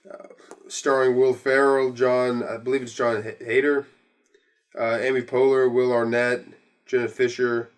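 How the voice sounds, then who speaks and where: A man's voice: medium pitch, flat delivery. A man co-hosting a podcast, chatting casually about sports movies and retelling scenes with laughter. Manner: fast, laughing storyteller acting out quotes. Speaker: podcast co-host.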